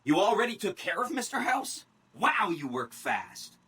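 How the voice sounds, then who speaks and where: An actor playing a cheerful, eager male robot assistant in a video game, with a bright, chirpy voice. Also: sits high, sing-song, normal speed, breathy edge, heavily acted, rough recording.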